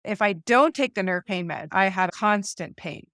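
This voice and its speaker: A woman in her forties chats casually on a podcast, winding through her thoughts with asides and restarts. Her voice is smooth and resonant, and it sits at a middling pitch. The recording is close and dry, with no room sound. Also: moderate pace, fairly bright tone, no room sound. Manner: chatty, talks things through with many asides and restarts. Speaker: podcast co-host. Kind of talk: casual conversational podcast chat.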